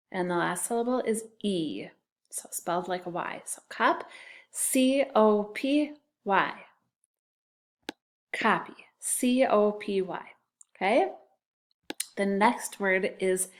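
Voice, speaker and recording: A woman teaching a phonics lesson to young children, patiently sounding out and spelling words. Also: mid-range voice. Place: classroom.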